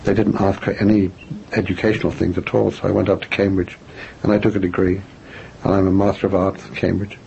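An older man from England talks through his past in an unhurried, self-mocking way, often stopping to restart a thought. His voice is low, warm and gravelly. The recording is dull and lo-fi, with a faint hiss behind him. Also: flat delivery. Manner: reflective, self-deprecating, frequent restarts. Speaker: author and guest. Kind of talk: interview answers.

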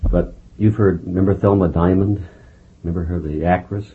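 A man's voice: deep voice, steady tone, normal speed, slightly rough, narrow, tinny audio. A man interviewing an author, talking with many fillers and restarts. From United States. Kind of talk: radio interview.

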